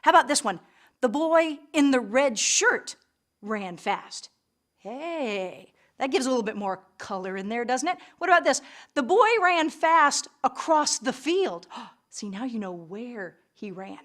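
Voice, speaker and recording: A woman's voice: on the high side, expressive, measured pace, a bit bright. A woman teaching an English class with theatrical enthusiasm and playful asides. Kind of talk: recorded classroom lesson.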